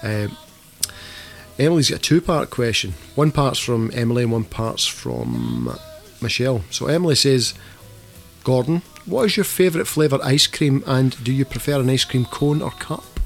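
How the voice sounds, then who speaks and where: A man's voice: mid-range voice, sing-song, normal speed, gravelly, faint music behind. A man hosting a casual comedy podcast, bantering and swearing freely while reading out listener questions. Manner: jokey, profane banter. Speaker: podcast host.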